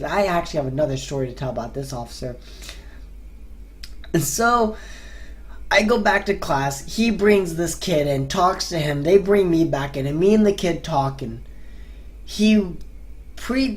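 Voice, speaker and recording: A young man in his late teens telling a story casually, animated and swearing, acting out the people in it. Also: fairly high pitch, moderate pace. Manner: animated, swearing, quoting others in voices. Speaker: vlogger.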